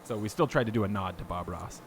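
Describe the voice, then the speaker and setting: A man's voice: on the low side, fast talker, slight background noise. A man hosting a podcast, talking casually and rambling, often laughing as he tells stories. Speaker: podcast host.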